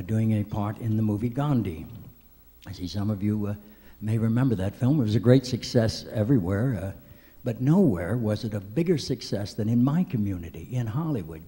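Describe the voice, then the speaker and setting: Wry older man, dark voice, hall echo. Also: lowish voice, breathy edge. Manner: wry self-deprecating storyteller, many hesitant "uh"s. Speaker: keynote speaker. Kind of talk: anecdotal after-breakfast speech. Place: large banquet hall. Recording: reverberant large hall.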